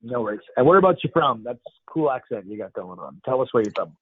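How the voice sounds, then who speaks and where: A man's voice: mid-range voice, big pitch swings, fast talker, slightly rough, dry recording. Upbeat man hosting a video call. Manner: upbeat, chatty, loose slang. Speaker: host. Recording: tinny dry call audio.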